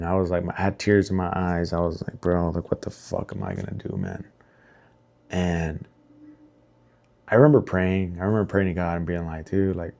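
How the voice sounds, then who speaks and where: A young man with a very low voice talks straight to his audience, telling his story in a loose, rambling way. He swears freely, restarts his sentences and fills the gaps with "like", and he speaks openly about what he felt. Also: mellow. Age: young adult. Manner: rambling, heavy swearing, lots of fillers and restarts; emotional, candid. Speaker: vlogger. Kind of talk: casual storytelling to camera.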